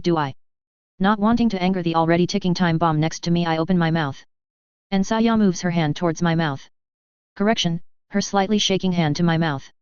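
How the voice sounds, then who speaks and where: Smooth-voiced woman reading a story. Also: lowish voice, darkish tone, no echo. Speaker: narrator. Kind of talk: reading fan fiction aloud. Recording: dull lo-fi recording.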